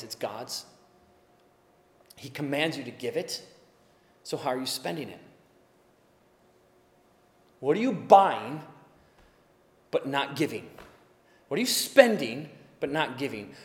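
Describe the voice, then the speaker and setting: A man preaching a sermon as pastor, earnest, swinging from hushed, slow asides to loud shouted urging. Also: mid-range voice, expressive, roomy sound, in a large hall.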